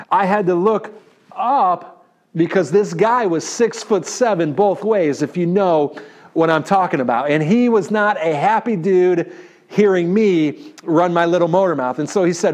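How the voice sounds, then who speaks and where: A man in his thirties with a New York accent, preaching a sermon and telling a story in an animated way, often checking in with the congregation. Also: high voice, unhurried. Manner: animated, talks to the audience with "right?". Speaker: pastor.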